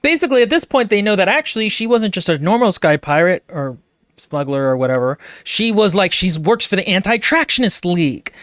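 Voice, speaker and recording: A man's voice: sits high, sing-song, brisk, a bit bright, no echo, studio quality. A man co-hosting a podcast, talking casually and with strong opinions about a book, full of fillers and restarts. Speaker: podcast co-host.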